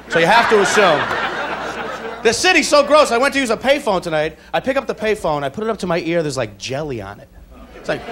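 A man from the US doing a stand-up set in an animated manner, jumping into excited voices. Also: a little high. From United States. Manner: animated, jumps into excited voices for parents and impressions. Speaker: stand-up comedian. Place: comedy club stage. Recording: comedy club, crowd laughter and noise.

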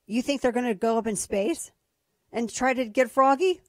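A woman's voice: a little high, normal speed, no room sound, clean studio sound. A woman hosting a political talk radio show, speaking casually with a sarcastic, mocking edge. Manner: sarcastic, mocking, lively asides.

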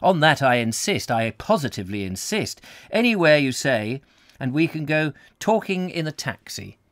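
A man voicing a fussy, overly polite middle-aged bachelor gentleman in a live book reading. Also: a little high, sing-song, normal speed, no echo, pitched above the performer's own voice. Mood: insistent.

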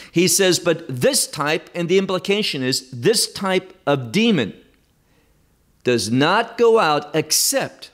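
Brief: male Bible teacher, slow deliberate delivery, animated pitch, emphatic repetition. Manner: emphatic, measured, repeats key phrases for stress. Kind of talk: Bible study lesson.

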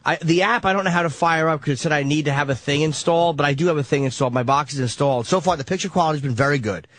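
Radio show regular, male, a little high, blunt and profane. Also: racing, fairly bright tone, dry recording. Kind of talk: casual radio talk.

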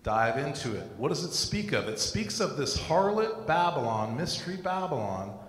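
A man's voice: fairly high pitch, big pitch swings, normal speed. A middle-aged American man giving an earnest sermon, telling his own story alongside scripture. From United States. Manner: earnest, personal testimony mixed with scripture. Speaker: Christian teacher. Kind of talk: recorded sermon. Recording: echoey room with long reverb.

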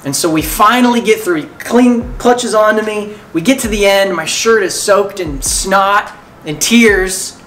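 A man's voice: high-pitched, fairly bright tone, a little hiss or hum. A man giving a short devotional talk, telling a story in a conversational, earnest way. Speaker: devotional speaker.

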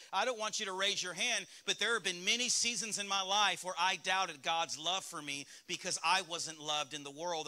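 In a church sanctuary, a male pastor with a Southern US accent preaches a sermon candidly, posing rhetorical questions to the congregation. His voice sits high and sounds pushed and bright.

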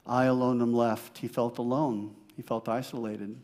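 A man pastor preaching a sermon, swinging from loud emphasis to hushed, near-whispered asides. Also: mid-range voice, level tone, moderate pace.

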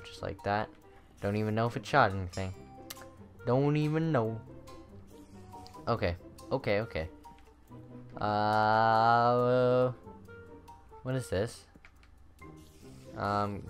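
A gamer giving let's-play commentary on a maze map, muttering to themselves and breaking into panicked shrieks. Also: mid-range voice. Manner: excitable, swings from muttering to shrieking.

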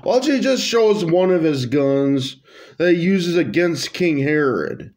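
A man's voice: a little high, animated, a little slow, a little mellow. A man reading out his own comic story, rambling through hesitant asides full of fillers.

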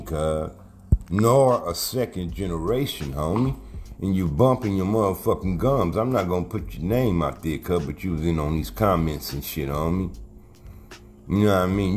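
A man's voice: sits low, darkish tone. A man, telling a prison story in heavy street slang and getting heated as he talks. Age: 50s. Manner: profane street slang, says cuz constantly; heated, raises voice when agitated. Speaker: interviewee telling prison stories. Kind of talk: casual storytelling rant.

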